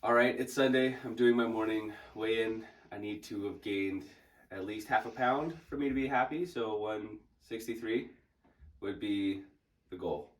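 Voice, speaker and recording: A man's voice: on the low side, moderate pace. A man vlogging to camera about his training, upbeat and loose, swearing casually. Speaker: fitness vlogger. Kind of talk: casual vlog talk to camera.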